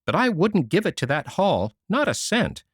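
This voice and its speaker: Sour old woman as a man puts her on, storybook figure, scornful, pessimistic, higher voice, dry close sound. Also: wildly swooping pitch, moderate pace, slightly rough, no room sound, full character voice. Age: fifty-seven. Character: grim sour old spinster woman, contemptuous.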